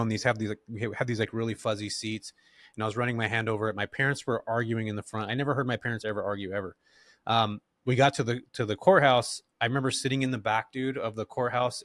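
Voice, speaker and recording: A middle-aged man from California, a podcast guest who tells stories in a relaxed, slangy way and laughs often. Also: lowish voice, no echo, studio quality. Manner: laid-back, slangy, animated, laughs often. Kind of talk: casual interview storytelling.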